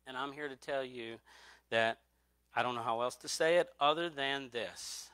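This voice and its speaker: A middle-aged man preaching in a bright, clear, forward voice. He gives an earnest personal testimony and leans on repeated phrases for emphasis. The sound is close and dry, with almost no room around it. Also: medium pitch, normal speed, no room sound. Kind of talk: sermon.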